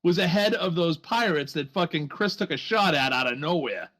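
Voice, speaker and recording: Male game master, high and animated voice, crude banter. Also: normal speed, background noise. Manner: crude, joking, laughs often. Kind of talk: casual tabletop game chat.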